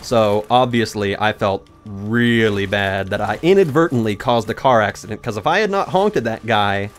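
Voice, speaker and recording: A man's voice: fairly low pitch, moderate pace, soft background music. A young man narrating a rambling personal story while talking back to the video game he is playing. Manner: rambling, animated, talks to the game mid-story. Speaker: gaming YouTuber. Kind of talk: let's play commentary with storytelling.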